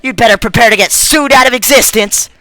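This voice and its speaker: A man voicing a bratty, hot-tempered female waitress robot, shouting insults in a shrill voice for a fan dub of a game. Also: brisk, no echo. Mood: indignant. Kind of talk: fan dub of a game's text.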